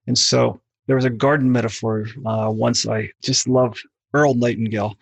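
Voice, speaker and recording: A middle-aged man, a book author, as a podcast guest telling lively stories and acting out the voices in them. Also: mid-range voice, normal speed, gravelly, dry recording. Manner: animated storyteller who mimics voices in quoted anecdotes. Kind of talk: podcast interview, storytelling.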